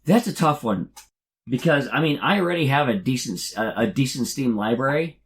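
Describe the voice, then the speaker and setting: An expressive man with a mid-range voice co-hosts a casual gaming podcast. His chat is halting, full of restarts and fillers.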